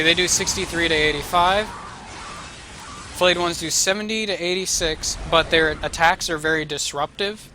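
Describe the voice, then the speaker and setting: A man's voice: fairly high pitch, noisy background. A young man streaming a strategy game, talking casually with sarcastic, profane asides. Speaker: gaming streamer. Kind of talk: casual gameplay commentary.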